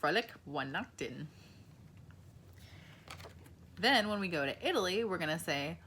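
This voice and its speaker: A woman in her twenties or thirties gives a slow, encouraging lesson to young children and asks them questions. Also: lowish voice, expressive, a bit bright, slightly rough. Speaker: preschool teacher.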